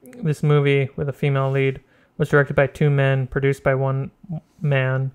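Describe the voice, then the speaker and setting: A man co-hosting a casual podcast chat, explaining points quickly and laughing often. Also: medium pitch, completely flat delivery, clean tone. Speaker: podcast co-host.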